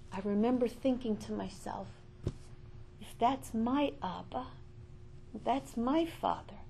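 A woman's voice: medium pitch, gravelly, dark tone, a little hiss or hum. An older woman giving an inspirational storytelling talk, emphatic and full of repeated rhetorical questions. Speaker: inspirational speaker.

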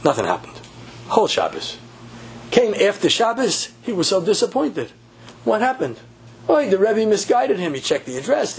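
Husky, high-pitched man preaching through an animated story. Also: normal speed, pauses often. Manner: animated, repeats phrases for emphasis. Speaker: religious teacher. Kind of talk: sermon storytelling.

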